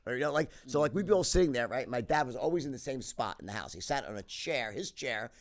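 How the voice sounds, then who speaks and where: This middle-aged man talks at a quick pace with medium pitch while guesting on a podcast. His storytelling is casual and animated, full of swearing, frequent restarts, and repeated "right?".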